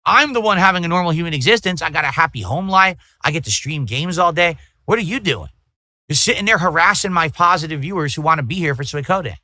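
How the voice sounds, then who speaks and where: A man on a livestream lectures his chat in an indignant, repetitive rant. His voice sits a little high and has a bright, tense edge, and the sound is dry. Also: animated, quick pace, no room sound. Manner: indignant, lecturing, repeating himself. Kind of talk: ranting livestream talk.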